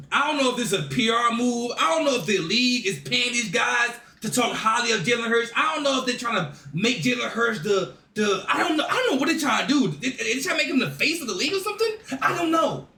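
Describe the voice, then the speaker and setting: A man hosting a reaction video, talking casually, incredulous and excitable, repeating himself as he reacts. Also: very high voice, a little fast, distant mic. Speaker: reaction host. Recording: echoey room, voice off-mic.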